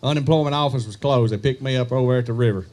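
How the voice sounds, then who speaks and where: A man emceeing an outdoor fishing tournament weigh-in, joking with anglers and calling out weights slowly. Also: medium pitch, darkish tone. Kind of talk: live weigh-in announcing with banter.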